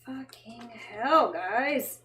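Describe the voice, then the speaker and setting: A woman's voice: fairly high pitch, expressive, extremely slow, pushed and bright. A woman chatting casually on a livestream while she works, rambling and swearing when frustrated. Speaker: fashion designer. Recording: echoey room with background noise.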